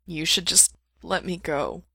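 A woman's voice: on the low side, normal speed, creaky, a bit bright, breathy edge, dry recording, clean studio sound, full character voice. A woman voicing a desperate, wounded young man in an audiobook. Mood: tired.

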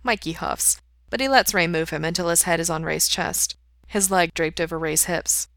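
A woman reading a story aloud in a calm, even way. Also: fairly low pitch, normal speed, no room sound. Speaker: reader. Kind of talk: storybook narration.

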